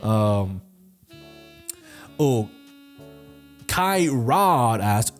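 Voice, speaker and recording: A man in his twenties talks through a story on a podcast, loose and casual, with swearing, "like" and false starts. He slips into quick imitations of the other people in his stories. Faint music plays underneath. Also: mid-range voice, a little mellow. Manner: loose and profane, full of fillers and restarts. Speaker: podcast co-host answering listener questions.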